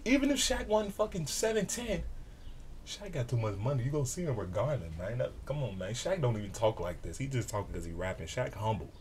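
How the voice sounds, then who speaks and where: A man hosting a reaction video, excitable and animated, swearing freely as he comments. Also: fairly low pitch, fast talker, few pauses, a little hiss or hum.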